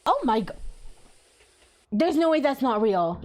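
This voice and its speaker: A woman's voice: sits high, sing-song, measured pace, darkish tone. A woman hosting an anime reaction video, talking to herself casually with frequent emotional exclamations. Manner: emotional, exclaiming, thinks aloud.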